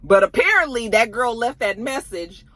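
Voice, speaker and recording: A young woman talking through a gossip recap in a sassy, animated way, cursing freely. Her voice is bright and sharp and swings up and down a lot. It sounds close and dry. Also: a little high, normal speed, no echo. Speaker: reality TV recap YouTuber.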